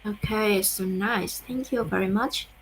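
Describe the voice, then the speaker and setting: A woman teaching an English pronunciation lesson, modeling words slowly for her students to repeat. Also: mid-range voice, a little hiss or hum, poor audio.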